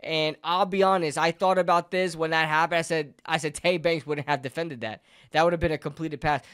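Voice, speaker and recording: Young man, high voice, smooth and clear, dry close mic, frustrated football rant, sarcastic, swears. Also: fairly even intonation, fairly quick, a bit bright, dry recording. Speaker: sports fan ranter. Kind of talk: heated solo sports rant.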